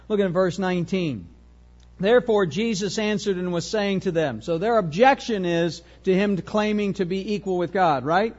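A man preaching an expository sermon, emphatic and animated, full of rhetorical questions. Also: high voice, moderate pace, highs cut off.

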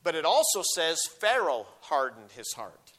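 A man's voice: fairly high pitch, very animated, unhurried, fairly bright tone. A man preaching a sermon, reading scripture aloud with rising emphasis and explaining it, often restarting and repeating words.

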